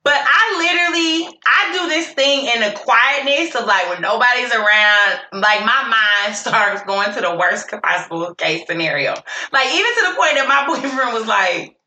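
A young woman co-hosting a podcast, chatting candidly and profanely with animated storytelling. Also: fairly high pitch, normal speed, few pauses. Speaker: podcast co-host. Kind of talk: casual chat. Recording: echoey room with faint noise.

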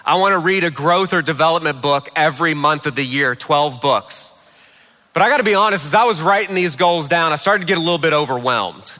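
A man preaching a sermon, telling a funny family story with lively comic timing. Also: on the high side, a little fast, long reverb tail. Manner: humorous, animated storyteller. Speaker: pastor.

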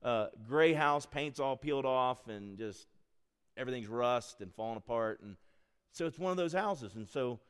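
A middle-aged man preaching a sermon, mixing scripture with animated personal stories that he laughs at. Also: mid-range voice, moderate pace, clear, resonant tone. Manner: animated storytelling, laughs at his own stories. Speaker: pastor. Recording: long hall reverb.

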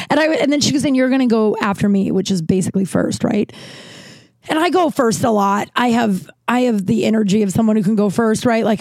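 A young woman comic rambles through a story on her own show, packing it with fillers and swearing and slipping into lively quoted voices. Her voice is mellow and soft-edged. It sounds dry and close. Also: mid-range voice, dry recording. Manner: rambling, filler-heavy, swearing, animated quoting. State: breathing trouble. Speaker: comedian and podcast host. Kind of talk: casual storytelling monologue.

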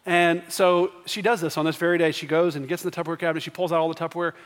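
A man's voice: on the high side, flat delivery, very fast, smooth. A man in his thirties preaching a sermon as pastor, telling family stories in a conversational way and building to emphatic questions. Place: church sanctuary. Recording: long church reverb.

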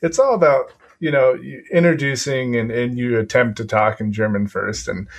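A man hosting a casual interview, conversational and animated, often stammering as he starts his sentences. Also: medium pitch, moderate pace, creaky.

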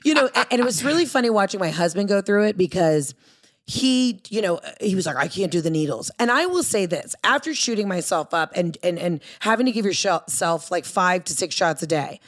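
A woman at a middle pitch tells a personal story in easy conversation. She keeps slipping into quoted lines of her own past self, which gives the telling a lively, acted-out feel. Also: brisk. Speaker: guest. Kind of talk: casual storytelling.

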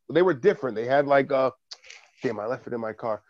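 A man's voice: medium pitch, fast talker, no echo. Muffled man telling a story, cursing. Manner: animated storytelling with profanity. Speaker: podcast co-host. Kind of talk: casual chat.

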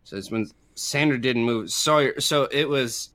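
A man's voice: medium pitch, normal speed, sharp tone, dry recording. A man hosting a casual podcast game, reading headlines and laughing often. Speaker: podcast host running a game.

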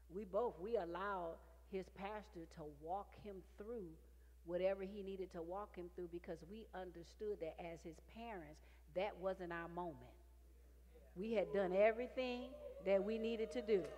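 A woman pastor speaking on a church panel, affirming the others with encouraging interjections. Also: medium pitch. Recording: reverberant hall.

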